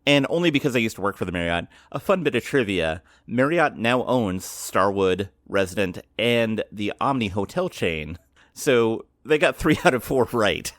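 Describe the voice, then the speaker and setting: Man, podcast co-host, chatty, low voice, very lively pitch, dry. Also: normal speed, no echo. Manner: chatty, lively with trivia asides. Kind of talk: casual chat.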